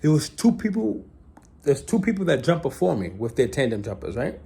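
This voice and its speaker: Animated man telling a story to camera. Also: fairly high pitch, brisk, creaky. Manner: animated, repeats "right?" often, dramatic retelling. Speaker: vlogger. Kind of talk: casual storytelling monologue.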